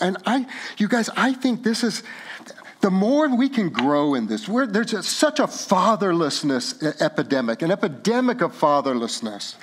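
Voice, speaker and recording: A man's voice: on the high side, sing-song. Earnest, fervent male pastor preaching. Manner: earnest, halting, rising to fervent emphasis. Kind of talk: sermon.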